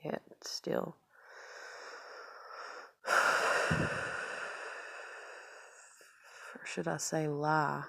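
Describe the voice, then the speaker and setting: A woman's voice: fairly low pitch, measured pace, gravelly, darkish tone, slightly rough, no echo. A woman talking in a rambling confessional vlog, full of fillers and trailing off into whispered asides. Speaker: vlogger.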